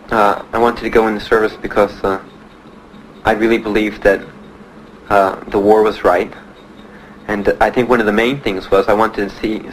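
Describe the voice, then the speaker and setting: Young guy testifying about the war, lowish voice, lots of uh's, faint room hum behind. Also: rough recording. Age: young adult. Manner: plain, halting storytelling with many "uh" pauses. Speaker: Vietnam veteran giving testimony. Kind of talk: personal testimony.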